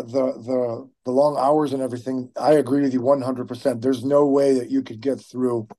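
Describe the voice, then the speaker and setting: A man's voice: mid-range voice, warm tone. A man hosting an interview, talking in a casual, emphatic, joking way. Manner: emphatic, joking, laughs easily. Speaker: host, physician.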